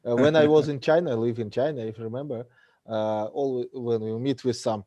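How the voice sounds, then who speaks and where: Man, halting English. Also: mid-range voice, steady tone, warm tone, no echo, dull audio. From Uzbekistan. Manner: halting English, laughs often. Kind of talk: casual panel talk.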